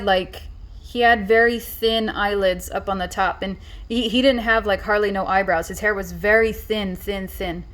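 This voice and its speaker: A woman vlogger telling a story in a casual, rambling way, full of fillers and restarts. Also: medium pitch.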